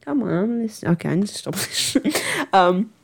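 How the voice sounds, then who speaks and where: A woman's voice: mid-range voice, very animated, normal speed, creaky, breathy edge. A young woman, chatting casually to camera in a giggly, rambling, self-mocking way. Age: young adult. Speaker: vlogger.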